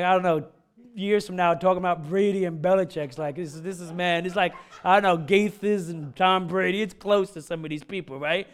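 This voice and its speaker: A man's voice: high voice, smooth. A middle-aged man preaching a casual, joking sermon, chatty and rambling with many asides. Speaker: pastor.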